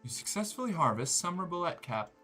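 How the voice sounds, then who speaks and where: A man chats loosely while he plays a game on a live stream, swearing and wandering off topic. His voice is bright and fairly high for a man, with pitch that swings widely. Soft music plays underneath. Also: a little fast. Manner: animated, rambling and profane. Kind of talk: live gameplay streaming chat.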